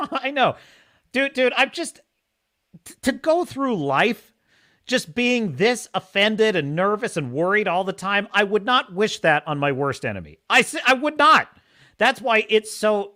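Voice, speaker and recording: A man's voice: high-pitched, sharp tone. A man hosting a podcast, giving opinionated casual commentary in a mocking way and laughing often. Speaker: podcast host.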